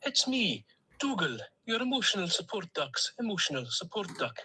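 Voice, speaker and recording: A man's voice: high-pitched, very animated, normal speed, pushed and bright, slight background noise, heavily acted, rough recording. A man voicing a chatty male plastic toy duck with a Stornoway Scottish accent, telling his misadventures in a rambling, cheerfully self-pitying way. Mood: cheery, rambling. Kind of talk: comic character monologue.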